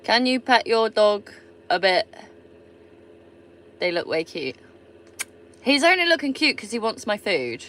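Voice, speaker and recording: A woman's voice: mid-range voice, very animated, measured pace, long pauses, fairly bright tone. A woman from England with a Somerset accent, chatting casually and swearing freely on a live stream while she answers viewer comments. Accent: Somerset English. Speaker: livestreamer.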